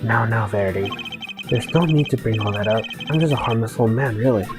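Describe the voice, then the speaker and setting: Streamer putting on a low, doting old gentleman; sentimental, teasing, game music under it. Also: brisk, close to an everyday voice. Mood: wistful. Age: older. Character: doting, tearful old man, sly committee chairman. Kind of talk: reading game dialogue aloud.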